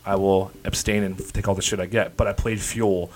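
A man's voice: low voice, flat delivery, fairly quick, background noise. A man, a comedian telling a crude, rambling story in casual chat and laughing as he goes. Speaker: comedian, podcast guest.

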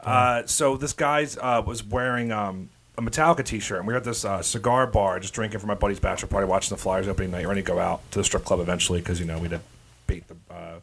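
A man's voice: fairly low pitch, steady tone, quick pace, creaky, fairly bright tone, breathy edge. A man, a comedian telling a crude, rambling story in casual chat and laughing as he goes. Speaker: comedian, podcast guest.

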